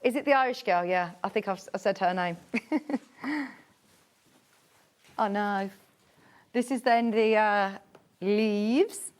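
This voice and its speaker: A woman's voice: slow, pauses often, clean tone. A woman presenting fabric on a live shopping channel, chatty and gushing with delight. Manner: chatty and gushing, swoops high with excitement. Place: TV studio.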